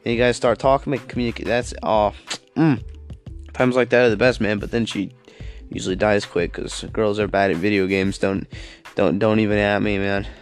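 A man's voice: fairly low pitch, steady tone, normal speed, faint music behind. A young man hosting a casual podcast, talking offhandedly and rambling, with lots of fillers and slang like "dude" and "man". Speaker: podcast host.

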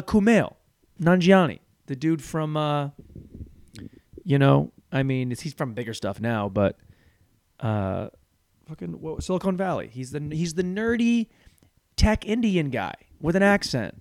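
Slightly high and a little mellow, this male podcast host's voice comes through without echo on a stand-mounted studio microphone. He rambles crudely through comic material, jumbling his words together and chuckling at his own jokes.

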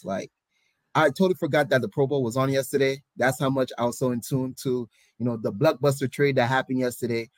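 A man's voice: medium pitch, steady tone, brisk, dry recording. A man co-hosting a sports show, talking in a laid-back, friendly way. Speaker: co-host called Coach. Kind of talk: casual sports chat.

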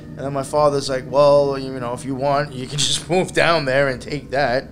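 A man's voice: mid-range voice, level tone, moderate pace, noisy background. A man hosting a podcast, chatting casually and telling a story with lots of swearing. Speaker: podcast host. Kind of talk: casual chat.

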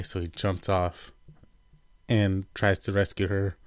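A man with a notably low, deep voice recaps a TV episode in a loose, chatty way, leaning on fillers and acting out characters' lines in quick voices. The sound is dry and close, with no room echo. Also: level tone. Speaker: show reviewer.

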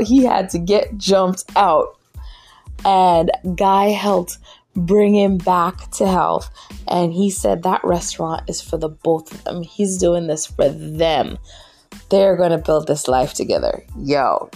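A woman hosting a podcast, recapping a drama episode in casual chat, tired late at night, animated and laughing often. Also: on the low side, slow, long pauses, soft background music. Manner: animated, laughs often, acts out characters' lines.

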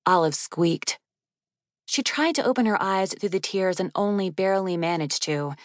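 A woman narrating an audiobook in a wry, expressive reading. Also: medium pitch, normal speed, no room sound, studio quality. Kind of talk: scripted narration.

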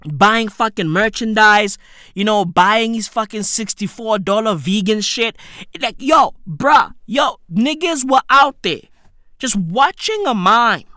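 A woman's voice: mid-range voice, animated, slow, bright, forceful tone, dry recording, clean studio sound. A woman hosting a show, ranting with heavy swearing, exasperated and stammering through restarts. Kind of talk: profane comedic rant.

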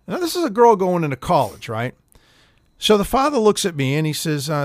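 A man's voice: high voice, very animated, brisk, no echo. Middle-aged guy swearing thru a rambly rant, voice jumps all over, dry close sound. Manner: profane, rambling, heated storyteller. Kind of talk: casual storytelling chat.

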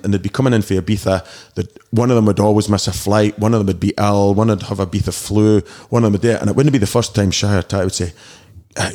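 A Scottish man in his forties, a DJ telling rambling, animated stories in a casual interview and mimicking shouts. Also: on the low side. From Scotland. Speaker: DJ guest.

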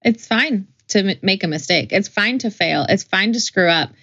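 A woman's voice: medium pitch, expressive, sharp tone, husky, dry recording. Upbeat woman co-host, dry dull mic. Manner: upbeat, quick joking interjections. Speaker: podcast co-host. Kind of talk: casual chat.

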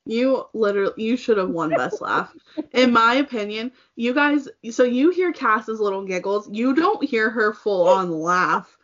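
A woman's voice: a little high, lively intonation, unhurried, a bit bright. A young woman co-hosting a casual chat, gushing compliments with a giggly manner. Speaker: co-host. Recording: muffled lo-fi audio.

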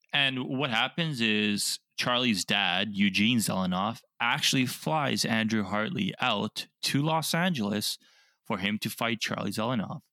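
A man's voice: fairly low pitch, bright, forceful tone, no echo. A man co-hosting a podcast, retelling events step by step in casual chat. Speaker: podcast co-host.

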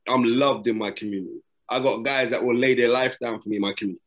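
A man's voice: medium pitch, steady tone, fast talker, fairly bright tone. A middle-aged man talks in an ordinary mid-range voice, urging young listeners on with emphatic, repetitive, preacherly advice. His speech is casual and full of street slang. He is speaking from a hotel room. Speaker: boxing broadcaster and guest. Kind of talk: motivational advice in a casual interview. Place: hotel room during lockdown.

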